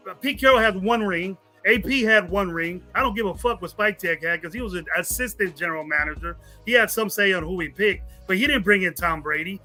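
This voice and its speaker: A man with a high, bright, forceful voice argues football on a casual podcast. He swears freely and stumbles over repeated words as he pushes his point. Faint music plays behind him. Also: a little fast, hardly any pauses. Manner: profane, argumentative, repeats words when worked up. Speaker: podcast co-host. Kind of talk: heated casual sports talk.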